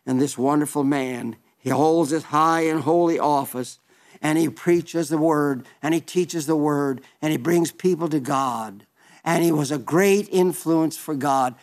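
Fervent elderly preacher in his eighties, higher voice. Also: unhurried, a little mellow. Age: 80s. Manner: fervent, storytelling preaching with repeated phrases. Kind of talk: sermon.

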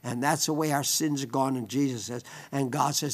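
A man preaching a sermon, fervent, rising to emphatic peaks and sinking to hushed tones. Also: fairly even intonation, normal speed, few pauses. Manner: fervent, rises to loud emphatic peaks, then sinks to hushed low tones.

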